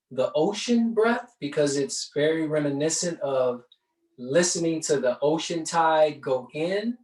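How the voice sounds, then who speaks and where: Male breathwork instructor, unhurried delivery, recorded from a distance in an echoey space. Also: on the high side, a little mellow. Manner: conversational, checks in with "right?". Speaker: yoga and meditation instructor. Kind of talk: guided breathing class. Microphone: far from the mic. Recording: roomy echo, distant mic.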